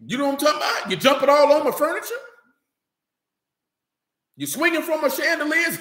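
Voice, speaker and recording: Man preacher, high and bright, loose street-style delivery, echoey hall. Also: a little fast, long pauses. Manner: loose, street-talking, animated, repeats "you know what I'm talking about". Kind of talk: animated sermon.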